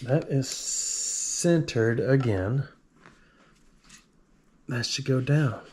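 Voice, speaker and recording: A man tinkers at a workbench and narrates each step in a loose, self-mocking ramble. His voice sits at an ordinary middle pitch. Faint background noise and small tool clicks run under his talk. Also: extremely slow, darkish tone. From Alabama. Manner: joking, rambling, talks to himself while working. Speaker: video host. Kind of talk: casual workshop tinkering talk.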